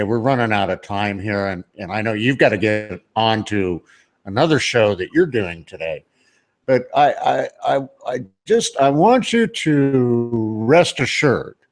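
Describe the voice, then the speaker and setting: A male talk show host wrapping up an interview, with halting, stammering, friendly speech. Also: on the low side. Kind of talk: casual radio interview.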